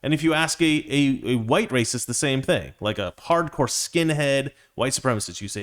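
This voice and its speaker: A man's voice: medium pitch, expressive, moderate pace, few pauses, fairly bright tone. A man hosting his own show, delivering a rambling opinion monologue full of restarts and digressions. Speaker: show host.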